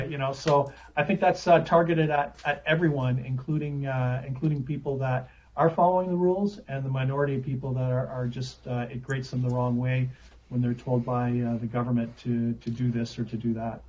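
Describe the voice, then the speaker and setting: A man answering in a news interview, halting and restarting often. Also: mid-range voice, flat delivery, a little mellow. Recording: dull lo-fi clip audio.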